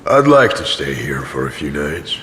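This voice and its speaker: A man's voice: extremely low pitch, very animated, fairly bright tone, slight background noise, heavily acted. A man narrating an audio drama as a tired, cynical wandering pilgrim. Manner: dry, tired, slow narration. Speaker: narrator and main character.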